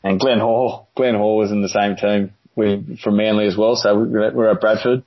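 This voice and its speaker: An Australian man, a former rugby league player, telling stories in a relaxed, rambling interview with plenty of fillers. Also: lowish voice, moderate pace. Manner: laid-back, rambling with many "uh" fillers. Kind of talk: casual storytelling interview. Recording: dull lo-fi audio.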